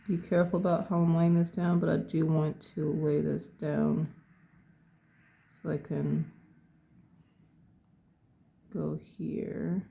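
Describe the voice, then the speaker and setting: A painting instructor narrating a tutorial in an unhurried way, thinking aloud step by step as they work. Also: medium pitch, creaky, dark tone.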